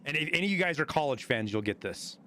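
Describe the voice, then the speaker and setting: A man from Montana, a streamer telling stories in casual chat, animated and full of swearing. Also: on the high side, quick pace, slight background noise. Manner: profane, animated storyteller.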